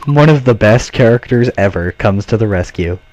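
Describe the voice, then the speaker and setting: A man giving relaxed, joking commentary on a video game he is playing, with game music behind. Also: on the low side, normal speed, lo-fi sound, slight background noise. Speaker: let's play commentator.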